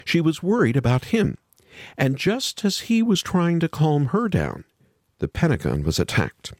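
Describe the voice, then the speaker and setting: A male radio host narrates a scripted story in a measured way, his pitch moving in a lively way. His voice has a slightly husky edge. The sound is dry and close, with soft music faint beneath it. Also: no echo.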